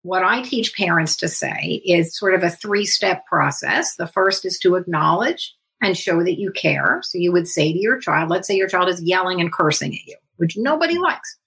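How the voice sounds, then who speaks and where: A woman psychologist speaking as a guest in a podcast interview, explaining in a measured, instructive way. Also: lowish voice, expressive, gravelly, a bit bright.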